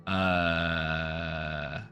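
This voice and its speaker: A man's voice: a bass voice, flat delivery, drawn-out words, bright, forceful tone. A man streaming live, giving casual joking commentary with wry running reactions. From United States.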